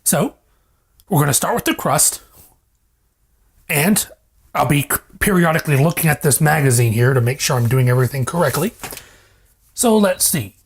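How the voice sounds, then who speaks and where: Rambling young man with a gravelly voice. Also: on the high side, lively intonation, normal speed, pauses often. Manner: rambling, joking and profane. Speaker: cooking vlogger. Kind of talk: casual cooking vlog. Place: home kitchen. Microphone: lavalier mic. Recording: fridge hum in the background.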